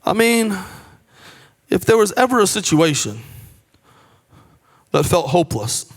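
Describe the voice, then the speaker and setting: High-voiced emphatic male pastor preaching. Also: big pitch swings, unhurried, in a large hall. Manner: emphatic, swings between hushed and raised delivery; conversational asides and restarts. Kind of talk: sermon.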